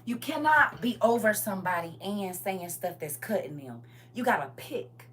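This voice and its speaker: A woman giving an impassioned testimony, swinging between shouting and low intense talk with lots of emphatic repetition. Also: lively intonation, moderate pace, recorded from a distance, slight background noise.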